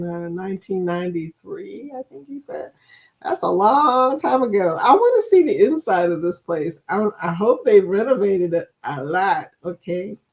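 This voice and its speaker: A woman's voice: medium pitch, darkish tone. Chatty middle-aged woman livestream host. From Kentucky, USA. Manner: chatty and rambling, laughs often, reacts to chat comments. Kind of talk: casual chat reading viewer comments.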